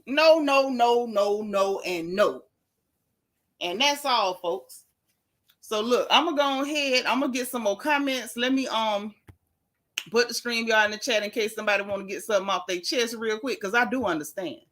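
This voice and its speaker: A woman's voice: fairly high pitch, moderate pace, a bit bright. A woman hosting a livestream podcast, ranting in a casual, exasperated and emphatic way with dramatic repetition. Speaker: podcast host.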